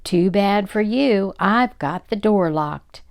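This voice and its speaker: A woman voicing a rude, teasing, squabbling father in a storybook read-aloud, speaking slowly and disagreeably. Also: low voice, very animated, darkish tone, heavily acted. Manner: slow and disagreeable.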